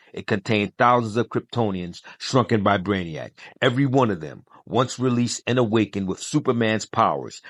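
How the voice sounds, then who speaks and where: A man's voice: lowish voice, a bit bright, dry recording, studio quality. A man narrating a comic book story, reading every character's lines with little change of voice between quotes.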